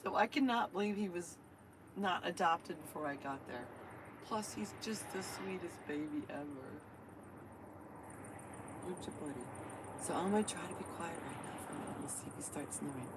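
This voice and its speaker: A woman's voice: lowish voice, normal speed, heavy background noise. Chatty woman live-streaming from a van. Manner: chatty, talks to viewers and her dog. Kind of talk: casual live-stream chat. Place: inside her van.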